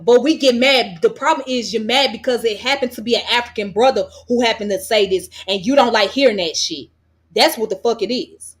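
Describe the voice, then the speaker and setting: A woman's voice: a little high, brisk. An American woman vlogger delivering a heated commentary rant, blunt and profane, hammering her points with repetition. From United States.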